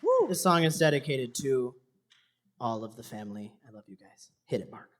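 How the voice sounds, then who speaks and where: Young male stage performer, emotional thank-you to family in the audience, earnest, sometimes hushed. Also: mid-range voice, big pitch swings, moderate pace. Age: young adult. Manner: heartfelt, voice dropping to a whisper at times, laughing between phrases.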